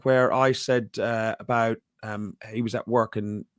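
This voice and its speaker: Brief: male host, lowish voice, dry close sound, hesitant and filler-heavy. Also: level tone, unhurried, clear, resonant tone, no room sound. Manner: hesitant, many fillers, reads out chat comments. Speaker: podcast host. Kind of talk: casual football chat.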